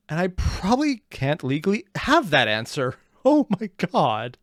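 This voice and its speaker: Excitable sarcastic male reaction host. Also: on the high side, moderate pace, few pauses, dry recording, studio quality. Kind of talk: reaction commentary.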